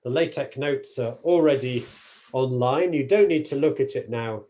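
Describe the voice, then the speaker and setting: A man giving a university mathematics lecture, explaining carefully, pausing on fillers and correcting himself. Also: medium pitch, dark tone.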